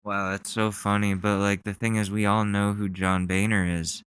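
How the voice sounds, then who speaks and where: A man's voice: fairly low pitch, flat delivery, moderate pace, a bit bright, clear, resonant tone, dry recording. A man hosting a podcast, chatting casually in a loose, joking and profane way. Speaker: podcast host. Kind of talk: casual chat.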